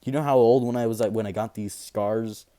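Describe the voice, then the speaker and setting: Man doing a bitter teen hero boy, scarred, halting speech, lowish voice. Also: fairly even intonation, mellow, natural voice. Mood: grim. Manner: halting, hesitant delivery with fillers.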